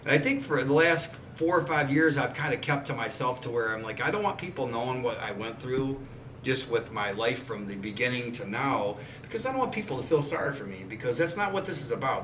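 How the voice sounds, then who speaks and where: A man's voice: mid-range voice, lively intonation, brisk, a bit bright, slight background noise. A man in his forties, hosting a podcast, talking in a blunt, rambling way and swearing often. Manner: blunt, swears a lot, loose rambling talk. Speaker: podcast host. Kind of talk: casual chat. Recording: roomy and distant with faint ambience.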